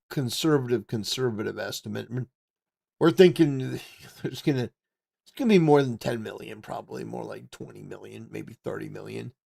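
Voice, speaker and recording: A man hosting a political livestream who comments in an excitable, exclamatory way and repeats his phrases for emphasis. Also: mid-range voice, gravelly. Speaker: livestream host.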